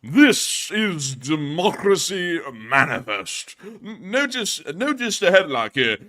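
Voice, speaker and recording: A man acting out an indignant man loudly protesting his arrest. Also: sits high, big pitch swings, slow pace, pitched above the performer's own voice, exaggerated voice. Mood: outraged. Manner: outraged, theatrical, loud.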